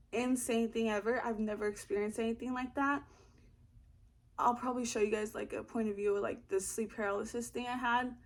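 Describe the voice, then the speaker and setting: A young woman vlogging from her apartment, telling a story casually, rambling and swearing freely. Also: a little high. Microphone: camera in front of her.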